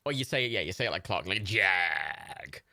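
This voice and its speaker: A man's voice: on the low side, expressive, very fast, sharp tone, dry recording, studio quality. A man hosting a livestream, giving joking, swearing running commentary while watching a film. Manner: joking, swearing, chatty asides. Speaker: livestream host.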